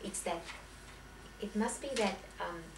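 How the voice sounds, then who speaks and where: A woman's voice: medium pitch, measured pace. A woman piano teacher giving a lecture to teachers, talking in a chatty, anecdotal way with many restarts and self-corrections. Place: lecture room. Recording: echoey room, voice from far off, faint hiss.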